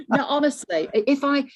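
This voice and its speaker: A woman with a Manchester accent talks in a relaxed interview. Her voice sits in a middle register, and she speaks with animated, good-humoured energy, breaking into laughter often. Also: medium pitch, a little hiss or hum. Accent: Northern English, Manchester. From north of England. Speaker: voiceover artist, guest. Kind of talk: casual interview chat.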